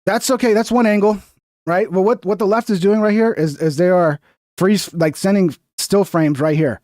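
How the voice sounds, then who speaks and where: A man giving heated, profane livestream commentary over video clips, mocking opposing views in a high voice. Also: moderate pace, darkish tone, no room sound, clean studio sound. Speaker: political commentary streamer.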